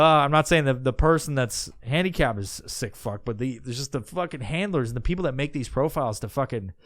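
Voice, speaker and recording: A man hosting a podcast, delivering a crude, mocking rant full of swearing. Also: medium pitch. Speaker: podcast host. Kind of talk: profane ranting podcast monologue.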